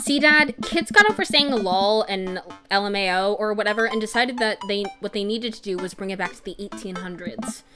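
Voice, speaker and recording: A woman's voice: mid-range voice, normal speed, few pauses, over music, lightly acted. A woman voicing a sarcastic teenage girl who teases her dad in a snarky, mock-posh way.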